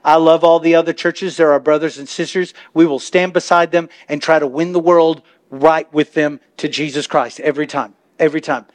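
A man preaching a sermon as pastor, talking to the congregation in a chatty way and building to impassioned shouts. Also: fairly high pitch, steady tone, moderate pace, hardly any pauses. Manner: impassioned, rising to shouts, conversational asides to the congregation. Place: church sanctuary.

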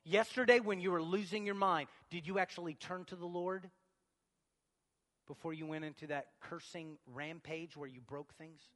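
A man preaching a sermon as pastor of a church, moving from quiet talk to shouted passages. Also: a little high, steady tone, normal speed, in a large hall.

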